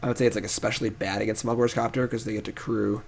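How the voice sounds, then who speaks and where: A man streaming a card game, commenting casually and thinking out loud as he plays. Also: lowish voice, level tone, rapid-fire, vocal fry, slight background noise.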